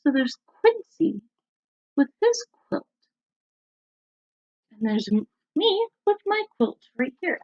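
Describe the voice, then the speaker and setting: A woman teacher reading a picture book aloud to young children at home, stopping to ask them questions. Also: high-pitched. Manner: slow, animated, asks the children questions. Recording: dull lo-fi recording.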